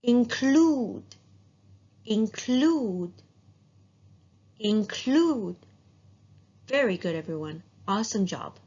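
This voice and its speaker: A woman teaching an English phonics lesson, modeling sounds slowly and praising students as they repeat. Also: mid-range voice, lively intonation. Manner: slow, drawn-out, encouraging drill. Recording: dull lo-fi sound.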